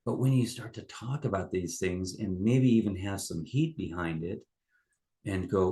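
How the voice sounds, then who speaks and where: A man's voice: low-pitched, moderate pace, warm tone. A middle-aged male life coach talking in a loose, rambling way, full of fillers and restarts. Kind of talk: casual monologue.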